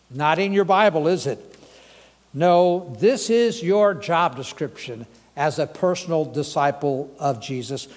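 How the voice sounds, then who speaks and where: A man's voice: fairly high pitch, in a large hall. A man preaching a sermon as pastor, talking in a chatty way and putting questions to the congregation. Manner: conversational, asks the congregation questions. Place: church sanctuary.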